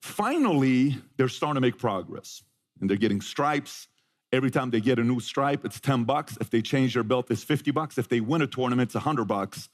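A man's voice: medium pitch, animated, fairly quick. Man telling a story to a live crowd. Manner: storytelling, asks the crowd questions, acts out his sons' voices. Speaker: motivational speaker. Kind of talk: live motivational talk to an audience.

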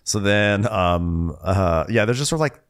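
A co-host of a comedy podcast, recapping reality TV in a laid-back, deadpan way and putting on voices for quotes. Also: low-pitched, a little slow. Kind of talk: casual comedic recap chat.

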